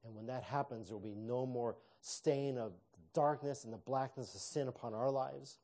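A man's voice: mid-range voice, normal speed, a little mellow. A man preaching a sermon in a conversational way, with fillers and restarts. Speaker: pastor.

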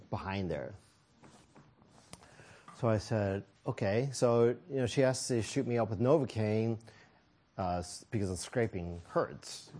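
A man's voice: lowish voice, darkish tone. A man preaching a sermon, telling a personal story with self-deprecating humor and frequent chuckles.

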